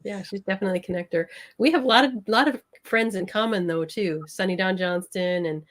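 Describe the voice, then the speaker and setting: This is a woman from Minnesota who is a guest on a casual online interview. She chats in a relaxed way and laughs easily. She is heard through a video-call mic. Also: mid-range voice, fairly quick.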